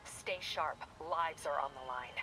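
A woman's voice: low voice, unhurried, noisy background. An actress playing a tough female police captain who gives clipped, commanding orders in a video game.

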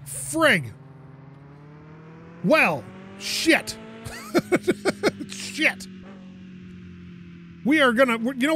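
A man with a high voice that swings widely in pitch, commentating his own gameplay. He talks to himself and swears when a moment goes wrong. Faint game sounds sit behind him. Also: slight background noise. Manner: animated, self-talking, swearing when frustrated. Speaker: gaming channel host. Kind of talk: let's play commentary.

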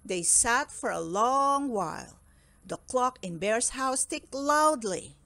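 A woman reading a children's picture book aloud with slow, expressive storytelling. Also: on the high side, creaky, slight background noise. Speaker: storybook reader. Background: soft music.

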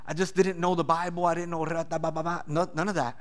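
A pastor telling his testimony in a sermon, animated, acting out voices and often laughing. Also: on the high side, fast talker.

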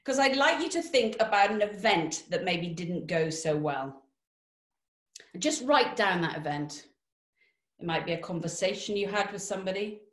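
A woman giving a motivational webinar talk, lively and direct, asking the audience questions. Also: mid-range voice, moderate pace, roomy sound. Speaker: webinar speaker.

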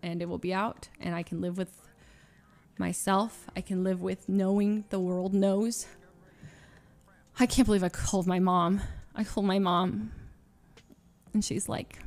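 A woman streamer making an emotional confession to her audience. She talks haltingly, restarting phrases and filling gaps with nervous little laughs. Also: medium pitch, steady tone, darkish tone. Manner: halting and searching, with many restarts and fillers.

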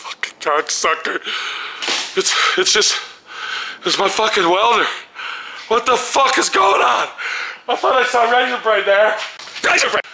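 A man's voice: sits high, lively intonation, a little slow, creaky, pushed and bright, slight background noise. A man in a comic skit, panicking and cursing constantly.

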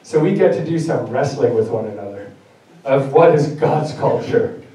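A man's voice: medium pitch, animated, normal speed, mellow. A man preaching a sermon as pastor. He speaks in a direct, conversational way and jokes about himself. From Germany. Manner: direct, conversational, self-joking. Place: church sanctuary. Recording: echoey church hall, mic far off.

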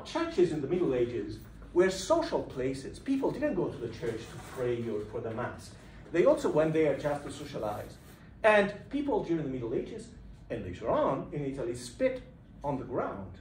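A man giving a university lecture, explaining lively and putting questions to his students in a lecture room. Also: fairly high pitch, distant mic. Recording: echoey room recorded from afar, faint noise.

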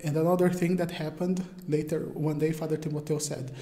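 A man's voice: fairly high pitch, flat delivery, fairly quick, mellow. A young Brazilian man with a Brazilian Portuguese accent and Portuguese as his first language, answering interview questions in English in a hesitant way, often searching for words. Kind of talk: casual interview talk. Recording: roomy echo.

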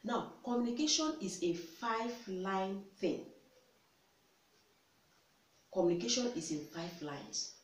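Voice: medium pitch, moderate pace. A relationship advice vlogger giving instructive counsel, emphatic, repeating key words and posing rhetorical questions. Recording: echoey room, distant mic, faint hiss.

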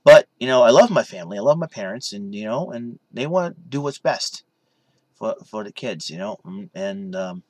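A man's voice: fairly low pitch, animated, normal speed, no echo. A young man casually vlogging from his room in his parents' basement, rambling and saying "you know" constantly. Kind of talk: casual vlog chat.

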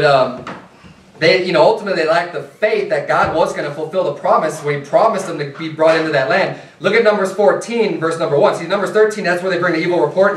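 A man with a high voice preaches a sermon, talking conversationally and often restarting his sentences. He is recorded from a distance in an echoey church, with a faint hiss underneath. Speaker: pastor. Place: church sanctuary.

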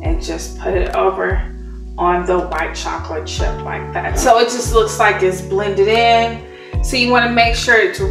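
A woman's voice: fairly high pitch, a little slow. A woman hosting a casual cooking demonstration, chatty and admiring her own work, speaking from a kitchen far from the mic. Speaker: cooking show host. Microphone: far from the camera mic. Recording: echoey room, distant mic, background music.

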